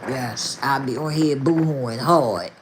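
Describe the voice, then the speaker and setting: A woman's voice: extremely low pitch, takes it slowly, noisy background. An older woman talking casually to her viewers, emphatic and repetitive. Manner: emphatic, repeats herself, talks straight to viewers. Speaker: vlogger.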